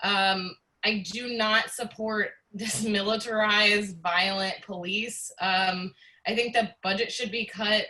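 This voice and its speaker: A woman's voice: mid-range voice, fairly even intonation, slow, sharp tone, rough recording. A woman giving an earnest, upset public comment, with many hesitant fillers.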